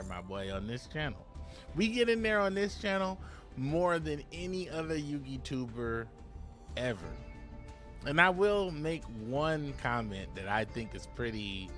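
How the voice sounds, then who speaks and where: A man giving casual, hyped-up commentary on a card game, full of slang and repeating "my boy". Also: lowish voice. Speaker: gaming YouTuber.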